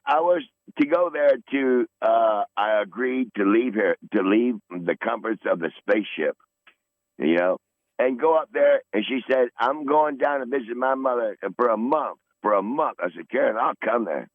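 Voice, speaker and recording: A man's voice: mid-range voice, lively intonation, moderate pace, no echo. A man in his sixties, calling into a podcast, telling rambling profane stories in a combative, boastful way. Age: 60s. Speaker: regular caller on a podcast. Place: in his van. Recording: tinny phone line.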